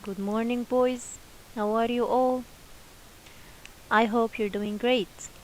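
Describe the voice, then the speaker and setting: A woman teaching a grammar lesson in a slightly high voice. She talks slowly and patiently, repeating her questions and examples so the class can follow. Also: fairly even intonation, darkish tone, a little hiss or hum, low-quality recording. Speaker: English teacher.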